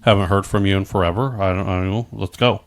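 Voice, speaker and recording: A man's voice: deep voice, fairly even intonation, quick pace. A middle-aged man telling his own story in casual chat, rambling with many stammered restarts and frequent swearing.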